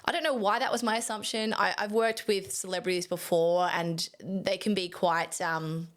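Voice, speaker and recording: A woman's voice: fairly low pitch, moderate pace. Chatty woman photographer telling a story. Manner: chatty, animated, laughs at herself. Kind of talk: casual storytelling to camera.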